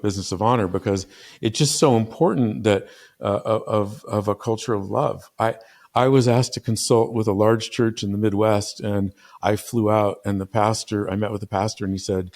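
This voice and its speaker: A man's voice: on the low side, darkish tone. A middle-aged man, a podcast guest and business consultant, telling stories earnestly with frequent restarts. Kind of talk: conversational storytelling.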